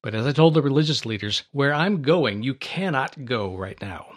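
Man voicing a tender sorrowful teacher, soft and unhurried, radio Bible reading. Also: mid-range voice, animated, lightly acted. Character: calm, sorrowful male teacher, adult.

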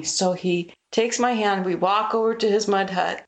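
A woman's voice: medium pitch, fairly even intonation, moderate pace. A woman, a missionary guest, earnestly retelling a personal story with vivid quoted dialogue.

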